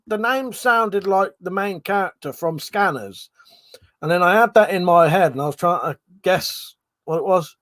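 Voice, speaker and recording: A man's voice: high-pitched, fairly bright tone, dry recording, clean studio sound. A man from Buckinghamshire, hosting a livestream in casual chat, reading out viewer comments, laughing often and swearing freely. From Buckinghamshire, England. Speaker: livestream host.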